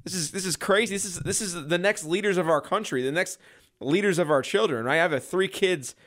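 A man's voice: high-pitched, a little fast, a bit bright. Earnest man exhorting his radio listeners. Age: 30s. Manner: earnest, exhorting, repeats and restarts often. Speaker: radio show host and chiropractor. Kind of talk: impassioned radio talk.

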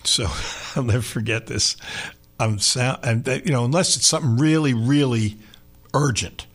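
A middle-aged man hosting sports talk radio, telling stories in an animated, self-deprecating way. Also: medium pitch, moderate pace.

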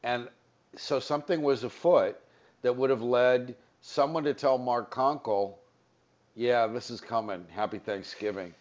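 Man, sports radio host, joking and rambling, medium pitch, slightly muffled sound. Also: darkish tone. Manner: jokey, rambling, quick to laugh. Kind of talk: casual sports radio talk. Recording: slightly dull radio broadcast audio.

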